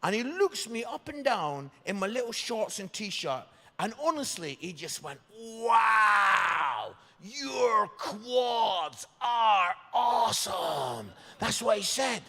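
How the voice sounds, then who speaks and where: A Scottish man telling comic stories to a church audience in a chatty way, often checking in with "yeah?" and bursting into loud shouts. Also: high-pitched, normal speed, few pauses. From Scotland. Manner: chatty, keeps asking "yeah?" for agreement; animated, jumps into loud shouts. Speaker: guest speaker at a church service. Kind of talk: comic storytelling to a live audience. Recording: echoey hall.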